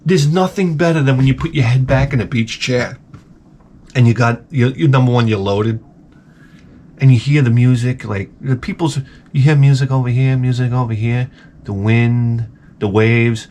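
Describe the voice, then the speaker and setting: A man's voice: mid-range voice, normal speed, a little mellow, slight background noise. A middle-aged man vlogging, telling a casual, rambling, self-mocking story and swearing freely.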